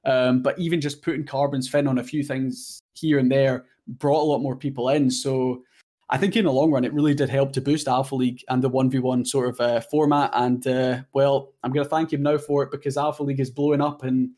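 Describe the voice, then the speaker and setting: A man's voice: mid-range voice, flat delivery, brisk, dark tone. A man in his twenties, a guest content creator chatting casually in an interview, rambling and self-deprecating with lots of fillers.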